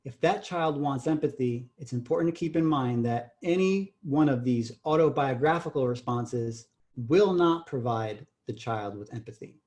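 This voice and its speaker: A man's voice: mid-range voice, moderate pace, a little mellow. A man leading a communication workshop, explaining patiently and checking in with "right?" tag questions. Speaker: communication trainer. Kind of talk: workshop lecture.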